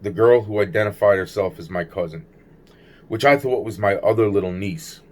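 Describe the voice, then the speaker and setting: Man, lowish voice, rambling agitated storyteller, swears constantly, trails off and restarts. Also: moderate pace, darkish tone. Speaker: vlogger recounting personal experiences. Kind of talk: rambling personal storytelling monologue.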